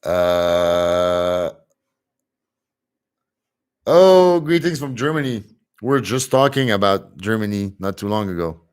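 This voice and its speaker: A man chats casually on a live stream, replying to viewer comments and laughing easily. His voice sits fairly low. He takes his time with every phrase. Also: expressive, slow, pauses often, clear, resonant tone. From Montreal, Canada. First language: French.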